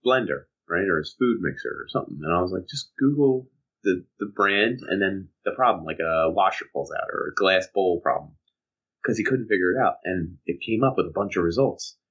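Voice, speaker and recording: A man's voice: deep voice, a little fast, husky, muffled recording. A man co-hosting a podcast, chatting casually and acting out the people in his stories. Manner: animated storyteller, mimics people he describes. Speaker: podcast co-host. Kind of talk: casual chat. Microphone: video call.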